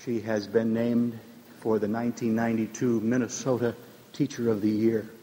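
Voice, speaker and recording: A man's voice: on the low side, flat delivery, normal speed, dark tone. A man formally introducing a speaker during a church service. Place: church sanctuary. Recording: reverberant church hall, faint room noise.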